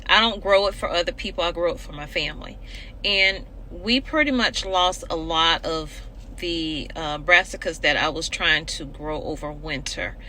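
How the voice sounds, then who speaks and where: Homestead vlogger lady, bright sharp voice, urgent, says things twice to hammer them in. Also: low-pitched, normal speed, slight background noise, rough recording. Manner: urgent, repeats points for emphasis. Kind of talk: earnest direct-to-camera vlog.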